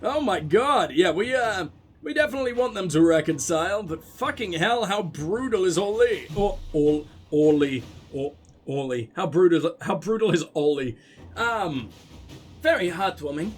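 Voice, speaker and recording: A man with a high, expressive voice talks at a moderate pace while he plays a game. He's a gaming video host doing casual let's play commentary, full of crude, sarcastic, profanity-laced banter.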